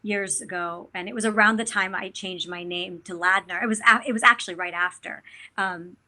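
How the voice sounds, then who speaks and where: A woman actor speaks as an interview guest in a loose, animated way. Her tone is bright and forceful. She fills her talk with "you know" and starts sentences over and over. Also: mid-range voice, fairly quick. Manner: animated, chatty, many fillers.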